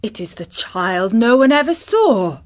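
A woman's voice: a little high, big pitch swings, measured pace. A woman voicing a large, tired army officer who exclaims in shock during a storybook reading. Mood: startled. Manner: startled, exclaiming.

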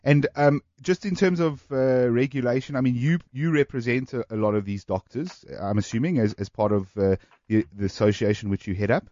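A man hosts a radio health hour in an easygoing, filler-heavy way, often restarting his sentences. His voice sits at a middle pitch. The studio sound is dry and a little muffled. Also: a little fast, dark tone, dry recording. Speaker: radio health show host. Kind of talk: casual radio interview. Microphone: studio microphone.

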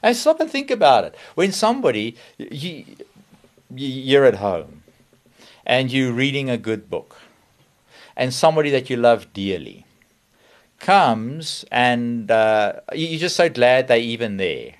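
Animated man explaining. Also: mid-range voice, a little slow. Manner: animated, acts out examples in quoted voices. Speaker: guest speaker on communication. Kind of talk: conversational teaching.

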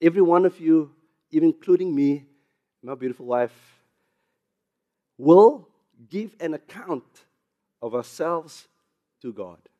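Casting: South African male pastor, lively sermon delivery, slightly higher voice. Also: measured pace, long pauses, lo-fi sound. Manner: animated preaching, rising loud on emphasis, with chuckles and asides.

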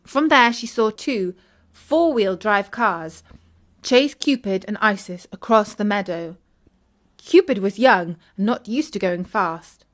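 A woman narrating a children's audiobook, clear and expressive. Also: mid-range voice, slow pace. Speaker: storyteller.

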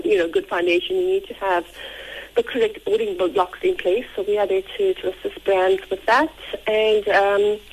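A woman, husky from tonsillitis, answering questions as a guest on a radio interview. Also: mid-range voice, slight background noise, poor audio. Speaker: guest, tech company founder.

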